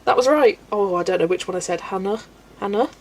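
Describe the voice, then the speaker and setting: A woman's voice: fairly low pitch, lively intonation, fast talker, darkish tone, poor audio. Woman from Belgium, livestream host; chatty, giggly, casual, faint hiss under the voice. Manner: chatty, laughs often, stumbles over names. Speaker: livestream host reading chat. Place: home, colouring at a desk.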